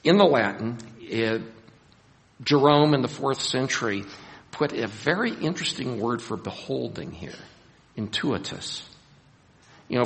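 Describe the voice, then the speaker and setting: A man preaching a sermon in a gravelly voice, his words ringing out with a long hall reverb. He is animated and acts out scenes, raising his voice for emphasis. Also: mid-range voice.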